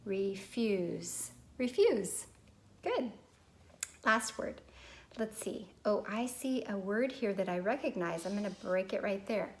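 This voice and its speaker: A woman's voice: mid-range voice, animated, measured pace. A woman teaching a recorded phonics lesson to young children, patient and prompting them to repeat words.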